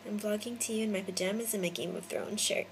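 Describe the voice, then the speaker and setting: Young woman, American accent, gravelly fry, rambling phone vlog chat. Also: mid-range voice, fairly even intonation, fast, slight background noise, poor audio. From Hawaii. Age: 20s. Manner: chatty, rambling, addresses viewers by name. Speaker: vlogger. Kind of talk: casual chat to camera. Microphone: phone camera.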